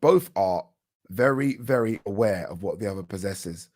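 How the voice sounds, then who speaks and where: A man with a British accent giving casual live commentary on a boxing match for his channel, chatty and quick to react, often restarting his words. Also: on the low side, animated, darkish tone. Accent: British English. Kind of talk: live watch-along fight commentary.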